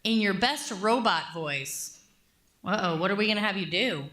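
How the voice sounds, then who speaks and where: A woman's voice: medium pitch, lively intonation, normal speed, fairly bright tone, reverberant. A woman leading a playful children's activity during a church service, upbeat and coaxing. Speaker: worship leader. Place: church sanctuary.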